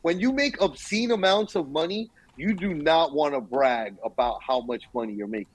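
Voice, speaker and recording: A young man co-hosting a podcast in casual chat, telling stories with lively acted-out quotes. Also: on the high side, normal speed, no room sound, rough recording. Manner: animated storytelling, acts out quotes. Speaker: podcast co-host.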